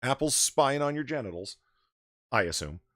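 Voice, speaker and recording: A man's voice: medium pitch, lively intonation, normal speed, fairly bright tone, no room sound, studio quality. A man hosting a casual livestream chat, ranting animatedly and swearing freely into his desk microphone. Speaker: podcast host.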